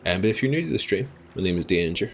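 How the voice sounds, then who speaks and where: A man's voice: low-pitched, animated, fast, gravelly, a bit bright, faint music behind. A young Irish man streaming a game live, chatting with viewers as he plays, laughing often and apologizing easily. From Ireland.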